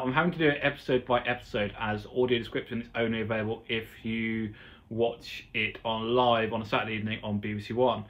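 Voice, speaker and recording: A man hosting his own podcast, giving a chatty, rambling, enthusiastic review of a TV episode. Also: on the low side. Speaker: podcast host. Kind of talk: casual solo TV review.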